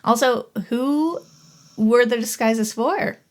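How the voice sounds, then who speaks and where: A woman co-hosting a casual movie review podcast, enthusiastic, quick to laugh and to swear. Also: on the high side. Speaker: podcast co-host.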